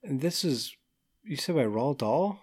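A man's voice: a little high, expressive, a little slow, slightly rough. A man co-hosting a casual podcast, reacting with wry jokes. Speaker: podcast co-host. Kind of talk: casual chat.

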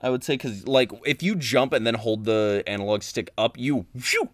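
A man's voice: fairly low pitch, moderate pace, no echo, studio quality. A man co-hosting a podcast, reviewing a game in casual chat, laid-back and casually swearing. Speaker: podcast co-host.

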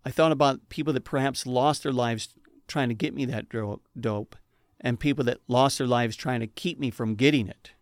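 A man's voice: mid-range voice, moderate pace, no echo, studio quality. A man telling his personal testimony in an earnest, emotional way, with preacher-like emphasis. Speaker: speaker giving a personal testimony.

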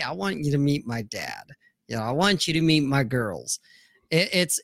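A man's voice: a little high, sharp tone, dry recording, clean studio sound. A middle-aged man hosting a livestream, ranting crudely in casual chat and acting out quotes in different voices. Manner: profane, ranting, acts out quotes. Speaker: livestream host.

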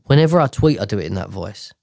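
A man's voice: lowish voice, big pitch swings, fast, gravelly, mellow, no room sound, studio quality. A man hosting a casual monologue, chatty and rambling, correcting himself as he goes. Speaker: host.

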